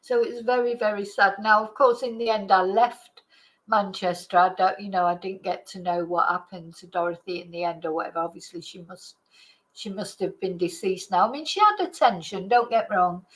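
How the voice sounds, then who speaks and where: A woman's voice: mid-range voice, a little fast, low-quality recording. An older woman, a channel host chatting through a personal story in a rambling way, full of fillers and restarts. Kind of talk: casual storytelling monologue.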